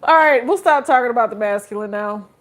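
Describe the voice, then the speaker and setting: A woman's voice: a little high, fast talker. A woman giving a casual live tarot reading, chatty and joking with viewers and laughing often. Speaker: tarot card reader.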